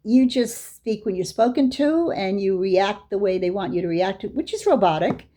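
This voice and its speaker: Older woman telling stories, mellow and husky. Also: mid-range voice, expressive, normal speed. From Boston area, USA. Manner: anecdotal, acts out dialogue with her own voice. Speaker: Islamic lecturer. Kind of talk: storytelling lecture.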